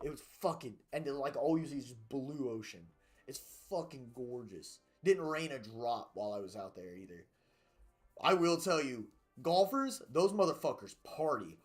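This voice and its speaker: A young man streaming a game, chatting casually and telling rambling, profanity-laced stories. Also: mid-range voice. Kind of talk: casual chat while gaming.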